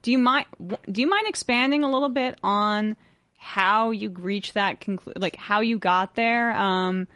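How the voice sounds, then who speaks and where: A woman's voice: medium pitch, a little slow, fairly bright tone, no room sound, studio quality. A woman hosting a call-in talk show, asking questions with some hesitant phrasing.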